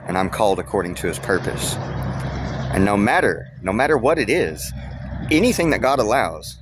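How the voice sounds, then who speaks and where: A man's voice: lowish voice, sing-song, moderate pace, noisy background. A middle-aged man telling a story in a rambling, blunt, profane way, with lots of filler words. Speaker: vlogger. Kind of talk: casual storytelling vlog. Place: waiting at a work site. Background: background music.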